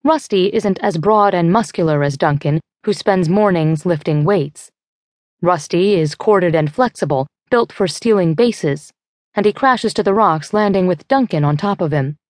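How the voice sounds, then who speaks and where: A woman narrating a young adult thriller audiobook in first person, measured and tense, on a close studio mic. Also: fairly low pitch, darkish tone, no echo.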